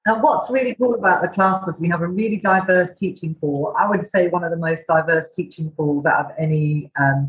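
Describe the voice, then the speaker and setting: A woman's voice: deep voice, rough recording. A woman guest in a casual podcast interview, talking enthusiastically about her cookery school. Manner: enthusiastic, chatty.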